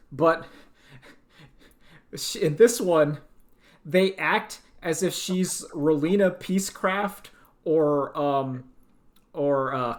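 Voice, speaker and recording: A man co-hosting a podcast, ranting in casual chat and laughing as he mocks a show. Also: on the high side. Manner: ranting, animated, laughs while mocking a show. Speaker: podcast co-host.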